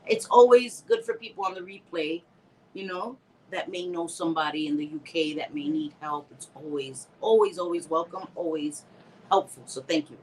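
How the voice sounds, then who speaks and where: A woman's voice: low voice, normal speed, darkish tone, poor audio. Middle-aged lady chatting live on her phone at home, laughs a lot, throws in spanish words, faint hiss. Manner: chatty, laughs often, reads viewer comments aloud. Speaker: livestream host. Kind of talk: casual livestream chat.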